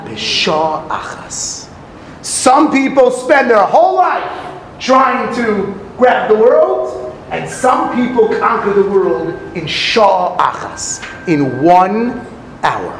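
A man's voice: high voice, big pitch swings, takes it slowly, reverberant, a little hiss or hum, rough recording. A man giving a sermon on a Talmud story, telling it dramatically with acted quotes and Hebrew phrases. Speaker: rabbi teaching Talmud.

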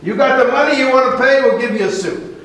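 A man voicing an eager, brisk male tailor who talks in a quick, salesman-like way, recorded in a very echoey room. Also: very high voice, a bit bright, voice pushed up. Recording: very echoey room, faint noise.

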